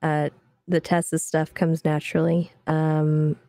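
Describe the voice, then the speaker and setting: A woman guest on a podcast talking casually, halting and modest with many fillers. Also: deep voice, level tone, mellow, dry recording. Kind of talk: casual chat.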